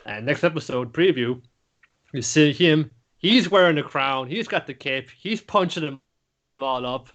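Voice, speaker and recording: A man casually recapping a cartoon episode on a podcast, swearing freely and slipping into quick voices for the characters. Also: on the high side, animated, a bit bright, lo-fi sound. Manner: loose and profane, breaks into laughter, acts out lines mid-story. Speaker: anime podcast co-host.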